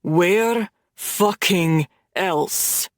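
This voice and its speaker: Casting: woman doing a low, growling menacing man in an audiobook, slow deliberate delivery. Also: no room sound, studio quality. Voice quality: growling, rasping.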